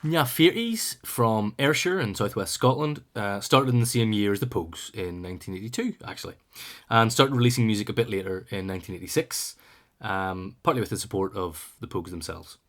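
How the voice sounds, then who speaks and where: A man's voice: fairly low pitch, a little fast, a bit bright. A man hosting a music radio show, talking casually about bands with frequent ums and uhs.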